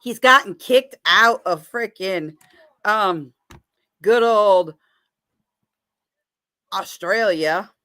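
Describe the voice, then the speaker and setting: Speaking very slowly with frequent pauses, this woman has a medium-pitched voice that sounds pushed and bright. She hosts a live stream, chatting playfully and calling out viewers by name in a casual way.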